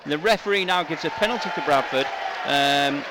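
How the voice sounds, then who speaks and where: A man giving live radio commentary on a rugby league match, his voice rising into shouts on attacking plays. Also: fairly high pitch, fairly quick. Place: stadium commentary position. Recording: outdoor stadium with loud crowd and noise.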